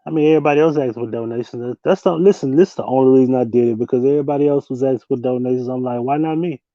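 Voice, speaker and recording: Young guy on a late night live, chill slangy rambling, mellow dull mic. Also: mid-range voice, racing, dry recording. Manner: loose, laughing, slangy, talks to chat. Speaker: livestream host. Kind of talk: casual late-night livestream chat.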